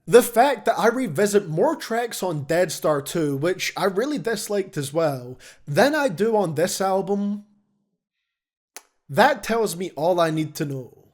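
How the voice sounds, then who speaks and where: A man's voice: on the high side, a little mellow. A young man delivering scripted, blunt and sarcastic music review commentary as host.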